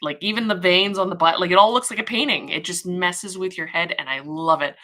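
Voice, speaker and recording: A woman with a low-pitched but bright, forceful voice chats her way through a casual livestream. She rambles easily as she works, greeting people and humming little filler sounds to herself. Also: brisk. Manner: chatty and rambling, hums filler sounds while working. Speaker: livestream host, model horse artist.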